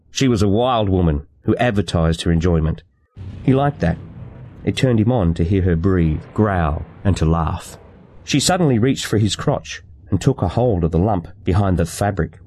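A man narrating a novel excerpt in a measured, even storytelling manner. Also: low voice, no echo. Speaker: audiobook narrator. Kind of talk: scripted narration.

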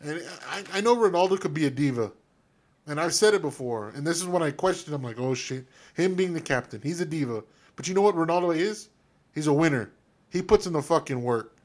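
A man's voice: fairly high pitch, animated, fairly quick. A man co-hosting a fan podcast, ranting in a heated, profane, emphatic way. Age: adult. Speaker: podcast co-host.

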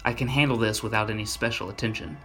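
A man narrating a first-person horror story in a gritty, blunt and deadpan way. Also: on the low side, quick pace, husky, soft background music.

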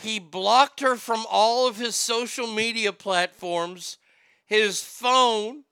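A man hosts a casual comedic chat, wisecracking about odd news stories and drifting into mocking bits. His voice sits high, slow, sharp-toned, and smooth, in a dry recording.

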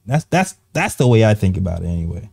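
A man's voice: fairly low pitch, big pitch swings, quick pace, creaky, a little mellow, husky. A man hosting a basketball show, talking in a loose, rambling way and laughing easily. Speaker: podcast host. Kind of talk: casual basketball chat.

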